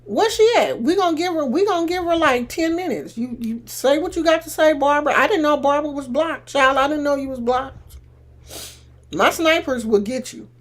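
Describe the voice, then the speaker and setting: A woman live streaming and chatting casually with her viewers, teasing and sassy, breaking into loud laughs. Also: high-pitched, expressive, normal speed.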